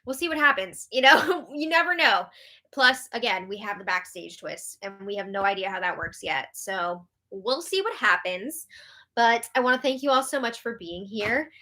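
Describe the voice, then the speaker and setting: A woman hosting a live reality-show recap, animated and exasperated as she reads out viewer comments. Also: mid-range voice, moderate pace. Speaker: host.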